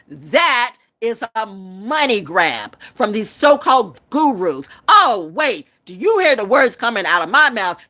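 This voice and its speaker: A woman's voice: lowish voice, a bit bright. A woman from North Carolina, hosting a tarot livestream and delivering an unscripted, profane, confrontational rant.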